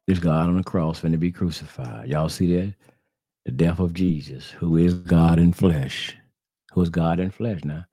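A very low-voiced man, his voice gravelly with fry, preaches to his online audience. He keeps circling back with repeated rhetorical questions and calls them brothers and sisters. The sound is close and dry. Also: dark tone, no echo. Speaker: religious podcast host. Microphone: screen-sharing computer setup.

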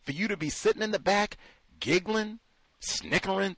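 A man's voice: high voice, moderate pace, a bit bright, no echo. A man hosting a talk show, delivering sarcastic, incredulous commentary full of rhetorical questions. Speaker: host.

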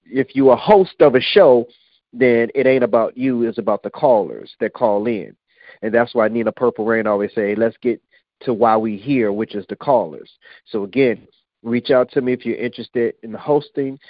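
A man's voice: mid-range voice, moderate pace, dry recording. A man hosting a radio show, speaking in a laid-back, plain-spoken, streetwise way. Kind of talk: casual on-air announcement. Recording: dull lo-fi audio.

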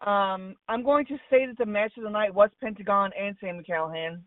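A woman's voice: mid-range voice, a little fast, no room sound. A woman calling in to talk wrestling, blunt and opinionated, swearing freely. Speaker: call-in wrestling commentator. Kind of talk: casual call-in chat. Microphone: phone call. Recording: tinny phone line, far from mic.

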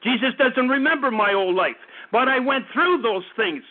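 A man's voice: very high voice, expressive, moderate pace. A man in his fifties preaching a fervent sermon, often stumbling and repeating words as he goes. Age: 50s. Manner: fervent, repetitive preaching with stammered restarts. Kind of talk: radio sermon. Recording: tinny phone-like radio broadcast.

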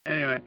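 A man hosting a show, talking in rambling, profane casual banter with stammering restarts. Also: highs cut off. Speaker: podcast host.

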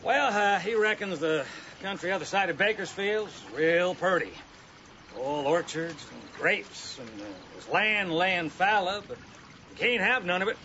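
A folksy Oklahoma ex-preacher who muses and drawls through his thoughts. His voice is high and bright, heard through a dull old film soundtrack with faint hiss. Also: lively intonation, measured pace, exaggerated voice. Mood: musing. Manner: drawling, musing.

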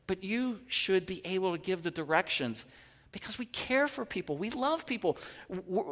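A male pastor preaches, breaking into animated, tumbling storytelling full of restarts and repeated words. His voice sits a touch higher than most men's. It rings out with a long reverb in a big church hall. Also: moderate pace. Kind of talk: sermon with personal story. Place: church sanctuary.

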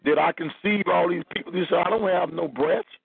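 A man's voice: high-pitched, lively intonation, fairly quick, gravelly, husky, no echo. A man preaching as a minister, reading and expounding scripture over a phone line.

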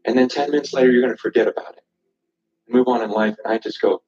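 A man's voice: mid-range voice, quick pace, a little mellow. A man preaching a sermon, urgent and impassioned, often repeating words as he restarts a thought. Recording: echoey, distant, dull church recording.

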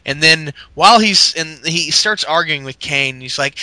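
A man's voice: fairly high pitch, expressive, unhurried, few pauses, sharp tone, no echo, rough recording. A man co-hosting a podcast, rambling through a wrestling recap in casual, profane chat. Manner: rambling storyteller acting out quotes, profane. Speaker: podcast co-host.

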